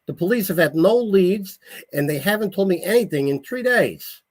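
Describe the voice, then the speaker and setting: A man voicing an anxious older woman with a Brooklyn accent, speaking in a husky, slow, pleading way. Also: high-pitched, lively intonation, voice pushed up. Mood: worried.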